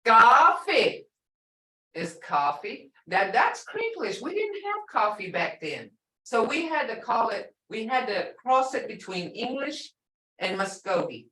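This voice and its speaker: A woman's voice: mid-range voice, sing-song, a bit bright, roomy sound, distant mic. A woman teaching an online language class, patiently repeating and drawing out each word to show its tone. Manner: slow, patient, models words by drawing out tones. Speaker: language instructor.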